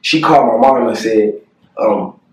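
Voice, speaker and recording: A young man telling a painful personal story to the camera, earnest and halting, with many fillers and pauses. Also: medium pitch, far from the mic. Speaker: family vlogger. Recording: echoey room, voice a bit off-mic.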